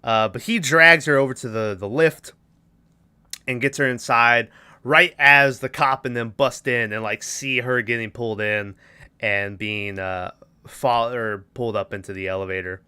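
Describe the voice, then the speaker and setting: A man with a bright, clean voice talks through a movie scene by scene in a loose, rambling podcast chat. He slips into quick put-on voices for the characters and keeps the story rolling. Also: mid-range voice, smooth. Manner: rambling retelling, acting out character lines. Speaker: podcast co-host. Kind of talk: casual movie recap.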